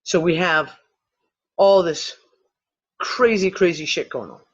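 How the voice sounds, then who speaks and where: A man hosting a discussion show, thinking out loud in loose, rambling speech with casual swearing and frequent restarts. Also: a little high, slow pace, breathy edge. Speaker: podcast host. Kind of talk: casual speculative talk. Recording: dull lo-fi recording.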